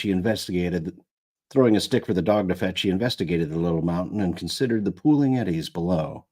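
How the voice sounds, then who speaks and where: A man's voice: deep voice, darkish tone, breathy edge. A man narrating an audiobook live, going back over lines when he stumbles. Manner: rereads lines after stumbles. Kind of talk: reading an audiobook aloud.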